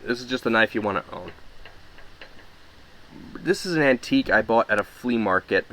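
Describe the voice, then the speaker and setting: A man's voice: on the low side, animated, fairly bright tone, slight background noise. A man casually reviewing pocket knives, muttering and exclaiming while he carves and cuts. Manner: offhand, mutters while working, quick exclamations. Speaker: knife reviewer. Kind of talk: casual hands-on demo.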